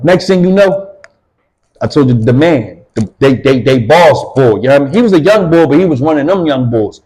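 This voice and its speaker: Husky middle-aged man telling a story. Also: mid-range voice, expressive, brisk, darkish tone, rough recording. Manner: profane, rambling, acts out others' voices. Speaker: interview guest. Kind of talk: casual storytelling.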